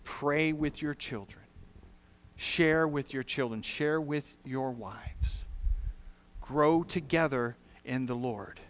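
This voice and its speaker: A male pastor preaching a sermon in a church, earnest, shifting from soft, quiet lines to loud, emphatic ones. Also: mid-range voice, takes it slowly. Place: church sanctuary.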